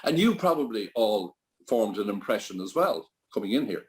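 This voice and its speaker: Irish man recounting a pompous consultant, low-voiced and lecturing. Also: sing-song, normal speed.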